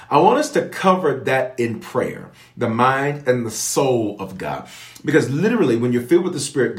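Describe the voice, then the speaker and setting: A man preaching to an online audience, repeating key phrases and calling on viewers to respond. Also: medium pitch. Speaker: pastor leading online prayer. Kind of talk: livestream sermon and prayer teaching. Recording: echoey room.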